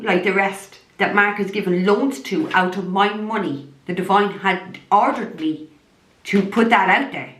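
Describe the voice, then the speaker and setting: Speaking at a normal speed in a mid-range, slightly bright voice, this psychic medium from Ireland delivers an angry direct-to-camera rant. She's blunt, heated and swears a lot. There's a roomy echo on the recording.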